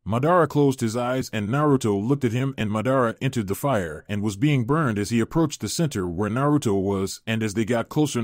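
Steady male fan-fiction narrator. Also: mid-range voice, dry recording, clean studio sound.

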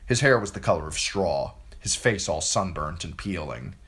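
Brief: low-voiced male amateur narrator, expressive and lively reading. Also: moderate pace, few pauses. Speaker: amateur audiobook reader. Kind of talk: audiobook narration.

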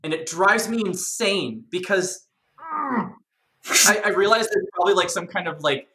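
A speaker explaining video game lore in a casual, animated discussion, chatty and jokey with many fillers and restarts. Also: medium pitch, moderate pace, reverberant, slight background noise.

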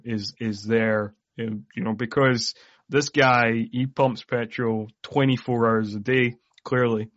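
A man's voice: mid-range voice, a bit bright, no echo, dull audio. Wry joking man on a podcast. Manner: joking, wry, with stumbling fillers and laughs. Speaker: podcast co-host. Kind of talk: casual movie recap chat.

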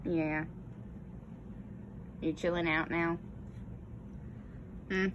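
A woman's voice: lowish voice, level tone, very slow, dull audio, noisy background. A woman talking to her pet genet in teasing, coaxing baby talk. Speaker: exotic pet owner.

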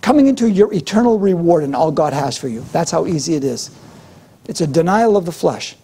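A man's voice: fairly high pitch, expressive, fairly quick, mellow, husky. A middle-aged man preaching a sermon as pastor, with a fervent, repetitive preaching cadence.

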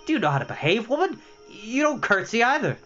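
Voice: medium pitch, big pitch swings, a little fast, a bit bright, pitched above the performer's own voice. A storytime reader voicing a self-important young male magician who speaks sternly and grandly. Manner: stern, pompous. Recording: dull lo-fi with faint music.

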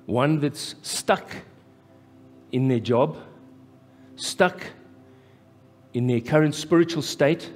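A man with a South African accent preaching a live sermon as pastor, impassioned and rising to loud, emphatic peaks. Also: fairly high pitch, takes it slowly, pauses often. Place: church hall, live. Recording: echoey church hall with faint music.

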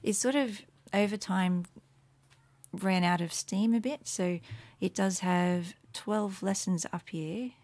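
A woman giving a casual, rambling screen walkthrough of her Latin study resources, with many fillers and soft murmured asides. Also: mid-range voice, slow pace, dry recording. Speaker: Latin teacher making resources.

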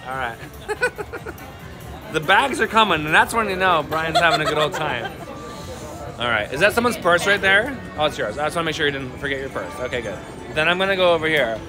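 Lively, playful man on a casino floor. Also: a little high, fairly quick, crowd noise. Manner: playful, laughs often, teasing banter. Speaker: slot streamer host. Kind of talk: live stream casual chat, reading viewer comments. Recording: casino floor with loud machine music. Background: slot machine music.

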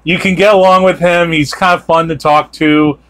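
Male podcast host, somewhat high voice, loose rambling delivery full of fillers. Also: steady tone, normal speed, a bit bright. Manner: rambling, lots of fillers like "like" and restarts. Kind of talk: casual chat.

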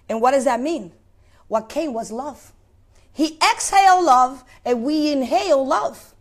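Woman preacher, very high voice, sermon delivery, questions to the congregation, halting repeats. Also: lively intonation. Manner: asks the congregation questions, repeats words while searching. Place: place of worship.

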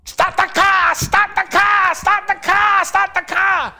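A thrilled woman shopper squeals and shouts at the top of her range, as a man with a gravelly voice puts her on. She is loud and giddy, hollering from the edge of her lungs. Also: very high-pitched, level tone, slow pace, faint music behind, pitched above the performer's own voice, full character voice. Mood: shrieking glee. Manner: shrieking. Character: overexcited woman shopper shrieking in glee.

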